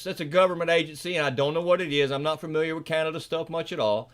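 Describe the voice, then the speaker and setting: A man's voice: fairly high pitch, steady tone, fast talker, few pauses. Fiery Southern man ranting. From Mississippi, US. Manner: shouting, fiery, preachy. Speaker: livestream host. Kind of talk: ranting livestream commentary.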